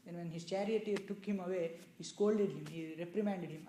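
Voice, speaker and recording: Man, religious storyteller, conversational explaining, frequent casual asides, mellow tone, roomy echo. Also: high voice, fairly even intonation, fairly quick, a little hiss or hum. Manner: loose, explanatory, with many "you know" asides. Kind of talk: conversational scripture discourse with questions. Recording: echoey room.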